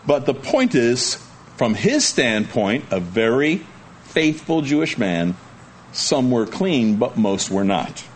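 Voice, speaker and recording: A man's voice: medium pitch, very animated, takes it slowly, slight background noise. A male pastor preaching a sermon, reading scripture aloud and then explaining it in a chatty, folksy way with joking asides to the congregation.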